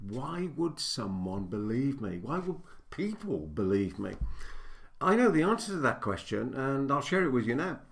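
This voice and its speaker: Speaking straight to the camera, an older man who works as a business coach delivers a teaching talk in a mid-range voice. He stresses his points and builds them up through repeated lists.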